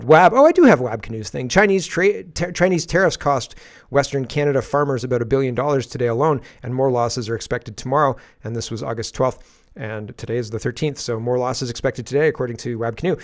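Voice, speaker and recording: Hosting a daily political commentary livestream, a man with a medium-pitched voice reads posts aloud, adding sarcastic asides and laughing often.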